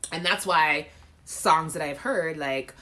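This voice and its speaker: Lively woman hosting a live chat. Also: low voice, slow. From Caribbean. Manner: animated, reads out viewer comments and laughs. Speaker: live chat show host. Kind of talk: casual chat to live viewers.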